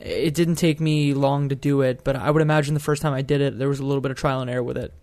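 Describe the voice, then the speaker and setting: A man's voice: medium pitch, fairly even intonation, quick pace, a little mellow. A man co-hosting a podcast, chatting casually and asking others to confirm what he says. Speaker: podcast co-host. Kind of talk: casual chat.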